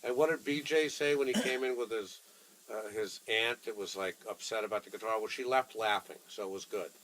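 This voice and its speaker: A middle-aged man, a shop owner, telling a story in a candid, casual way, animated and profane. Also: fairly low pitch, fairly quick, a little hiss or hum, low-quality recording. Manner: animated, profane, acts out both sides of dialogue.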